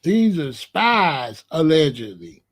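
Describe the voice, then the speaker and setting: This live call-in show host is a man whose voice runs high for his sex. Speaking at a slow pace, he stays animated, chuckling between remarks and naming viewers as he goes in his casual stream.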